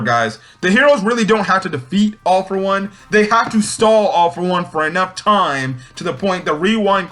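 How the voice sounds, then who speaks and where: A man's voice: on the high side, bright, forceful tone. A young man casually reviewing a manga chapter, with many fillers and restarts.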